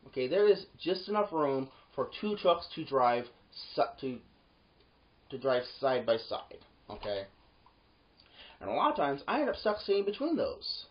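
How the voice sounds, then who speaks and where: A security guard tells a workplace story in a loose, casual monologue. The pitch swings up when the story gets heated and drops low for the asides. The recording sounds dull and lo-fi. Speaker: yard gate security guard.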